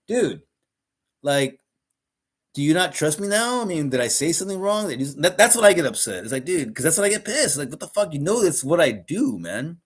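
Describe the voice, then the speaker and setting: A man's voice: a little high, very animated, fairly quick, breathy edge. A middle-aged man hosting a podcast, ranting bluntly and profanely in a casual monologue. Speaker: podcast host. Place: live podcast recording.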